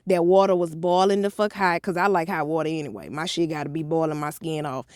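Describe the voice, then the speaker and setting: A woman vlogger telling a story from her own life in an animated, profane, blunt way. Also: low voice, quick pace, dry recording, clean studio sound. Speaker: motivational vlogger. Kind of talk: storytime vlog.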